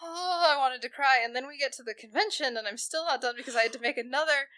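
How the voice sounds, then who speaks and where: A woman's voice: sits high, fast talker, bright, forceful tone, no echo, clean studio sound. A young woman co-hosting a podcast, telling a story in casual chat and laughing often. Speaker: podcast co-host.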